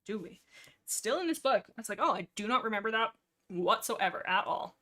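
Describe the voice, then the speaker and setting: A young woman hosts a livestream, rambling casually about a book series she adores in a mid-range, sharp-toned voice with lively intonation and a moderate pace. Chatty and giggly, she acts out dialogue with playful, exaggerated drama.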